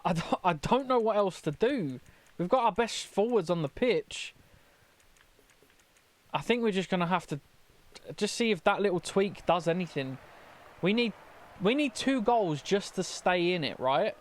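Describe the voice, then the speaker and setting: Slight background noise accompanies a young man whose voice leans a little high. He provides casual commentary on his own football game, stammering and getting rattled as mistakes pile up.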